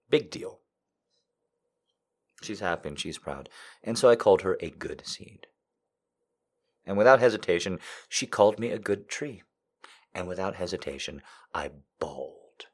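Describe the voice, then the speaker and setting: A man hosting a live podcast, telling a story to his chat, dropping from hushed whispers to loud, profane, teasing jokes. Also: deep voice. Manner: swings from hushed whispers to loud crude joking. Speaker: livestream podcast host.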